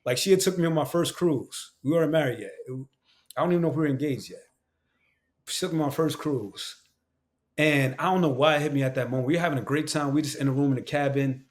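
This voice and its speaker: A man's voice: on the high side, fast talker. Candid New man, slangy and emphatic. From Queens, New York. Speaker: actor and voice actor, podcast guest. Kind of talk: casual podcast conversation.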